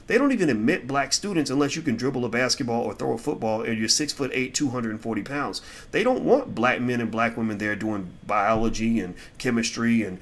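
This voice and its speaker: Blunt, heated man commentator. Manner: blunt, heated, swings between loud outbursts and low mutters. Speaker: commentator answering viewer questions. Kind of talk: casual opinion commentary.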